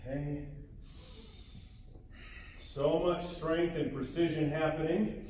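A man leading a guided yoga class as instructor, giving calm cues with playful, joking asides. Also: fairly high pitch, takes it slowly, a little hiss or hum. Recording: echoey room with faint ambience.

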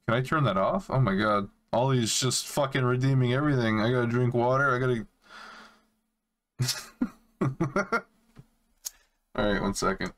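A man's voice: mid-range voice, moderate pace, pauses often, fairly bright tone. A young man streaming a game, chatting casually to his viewers and swearing freely. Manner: laid-back, swears a lot, talks to viewers. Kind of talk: casual live-stream chat while playing.

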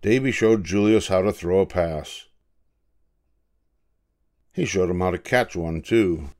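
An older man reading a children's picture book aloud, slow and expressive like a grandfather. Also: deep voice. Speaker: storybook reader.

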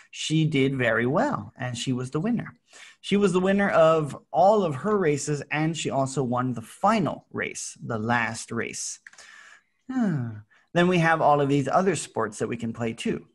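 An American man teaching English to children, playful and animated, with sound effects. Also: medium pitch.

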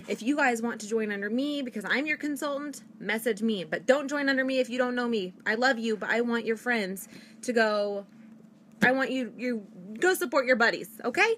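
Young woman, direct sales pitch on a live stream, fast and gushing, slightly high voice, faint hum behind. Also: a bit bright. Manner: fast-talking, gushing, enthusiastic. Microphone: phone or webcam.

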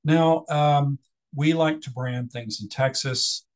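A man's voice: a little high, steady tone, slow pace, low-quality recording. A middle-aged man presenting a business etiquette workshop in a casual, conversational lecture style with frequent ums.

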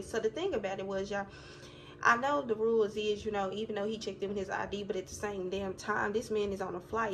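A young woman telling a story to her viewers in a casual vlog, talking animatedly and cussing. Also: medium pitch. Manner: animated, profane, addresses viewers as y'all. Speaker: vlogger. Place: hotel room. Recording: noisy phone recording.

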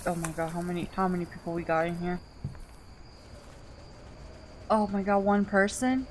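A woman giving casual commentary on a horror game she is playing. She swings from quiet mutters to shrieks and laughs often. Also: fairly low pitch, steady tone, fast, slight background noise. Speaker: gaming channel host.

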